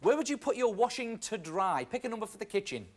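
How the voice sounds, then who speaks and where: A man's voice: high voice, big pitch swings, fast talker. A British man hosting a children's game show in a TV studio, jokey and teasing. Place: TV studio set.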